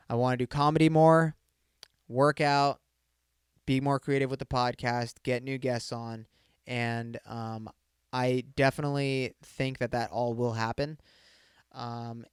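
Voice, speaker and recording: A man's voice: medium pitch, clear, resonant tone, no echo, studio quality. A man in his mid-twenties hosting a casual solo podcast, rambling and swearing a lot and saying "dude" often. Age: 20s. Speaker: podcast host.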